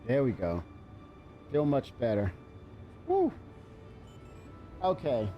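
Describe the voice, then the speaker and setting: A man's voice: mid-range voice, big pitch swings, slow pace, pauses often, mellow, soft background music. A man streaming a video game live, chatting loosely, cursing and laughing at what happens on screen. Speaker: livestreamer. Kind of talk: live gameplay stream commentary.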